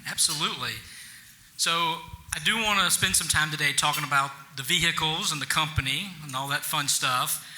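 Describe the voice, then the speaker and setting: A man's voice: on the high side, normal speed, pushed and bright. A man with a Southern US accent, hosting the event and introducing a guest in a friendly, self-deprecating way. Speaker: event host and interviewer. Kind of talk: casual folksy introduction.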